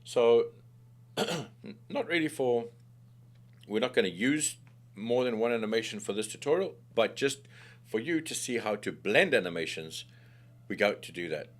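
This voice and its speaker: A man hosting a software tutorial in a chatty, playful way, full of jokey asides and calling the viewer mate and love. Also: mid-range voice, expressive, a little slow, pauses often. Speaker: tutorial host. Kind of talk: screen-recorded software tutorial.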